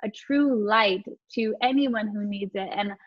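A woman's voice: medium pitch, measured pace, dry recording, muffled recording. A woman hosting a podcast, talking in a gushing, effusive way. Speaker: podcast host. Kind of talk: warm podcast conversation.

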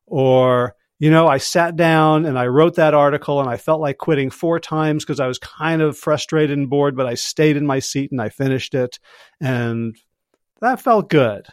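A man's voice: on the high side, moderate pace, clear, resonant tone, no room sound, clean studio sound. A man speaking as a podcast guest and executive coach, chatting casually and reflectively, with frequent chuckles. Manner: reflective, chuckles often, loose storytelling.

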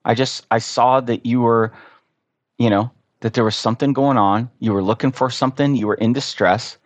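A man telling an earnest, animated story as a podcast guest in casual conversation. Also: mid-range voice, normal speed, dry recording.

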